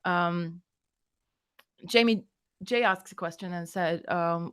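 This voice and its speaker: A woman's voice: fairly low pitch, takes it slowly, pauses often, clean tone. A woman hosting a casual livestream chat, talking hesitantly with lots of fillers and restarts, blunt and a bit tipsy. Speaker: host.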